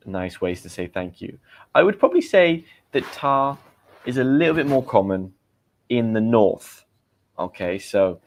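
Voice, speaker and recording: A man with a British accent hosting a live vocabulary lesson, quizzing viewers and reading out their comments in a chatty way. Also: fairly low pitch. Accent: British English. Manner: chatty, asks viewers quiz questions and reads out their comments. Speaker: English teacher and livestream host.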